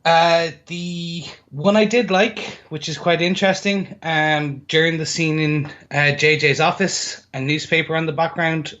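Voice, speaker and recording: A man with a fairly high voice runs briskly through a list of points, filling the gaps with ums. His sound comes through dull and lo-fi, and the delivery stays casual. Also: steady tone, a bit bright. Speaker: podcast co-host. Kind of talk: casual film trivia rundown.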